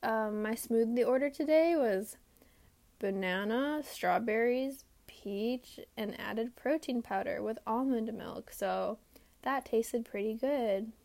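Speaking slowly with vocal fry, a young woman with a slightly high, somewhat mellow voice hosts her podcast by herself. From her room she rambles casually, laughs at her own expense, and leans heavily on fillers.

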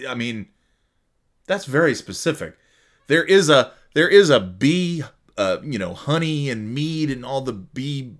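Man, podcast host, casual joking chat, slow delivery, slightly higher voice. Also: a bit bright. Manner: reads out listener cities, jokey, tries silly accents.

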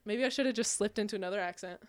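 Giggly young American woman, smooth voice. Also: mid-range voice, racing, no room sound, studio quality. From United States. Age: 20s. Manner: giggly, laughs often, chatty. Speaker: podcast co-host. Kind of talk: casual chat. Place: podcast studio.

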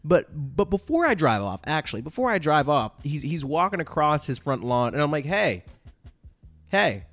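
Animated man rambling through a story. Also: fairly high pitch, brisk. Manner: rambling, full of "like" and "all right?"; animated, exaggerated retelling. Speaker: podcast host. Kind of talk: casual storytelling monologue.

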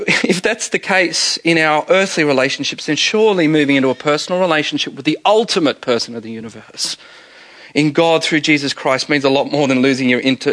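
A male pastor giving a conversational, humorous sermon. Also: a little high. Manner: conversational, animated preaching with humor.

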